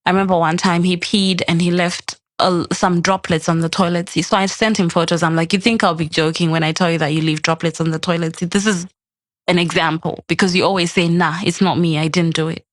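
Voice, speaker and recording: A young adult woman appears as a podcast guest, telling a personal story in casual chat and animatedly acting out the quoted dialogue. Her voice is on the low side and a little fast, in a dry recording.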